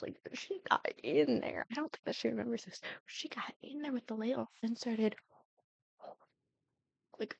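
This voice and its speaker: A young woman in her twenties, a Sims builder, tells family stories over gameplay in a chatty, casual way, often slipping into a whisper. Her fairly high voice has a breathy edge, and the recording is dry and lo-fi.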